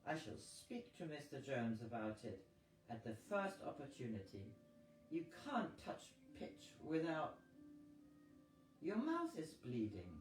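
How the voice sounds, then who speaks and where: A man reading aloud and voicing a fierce, indignant older woman who scolds in slow, clipped phrases, as in a storybook. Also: medium pitch, huge pitch swings, soft background music. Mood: prim. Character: indignant older American woman, candidate's wife. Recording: roomy, distant mic with faint noise.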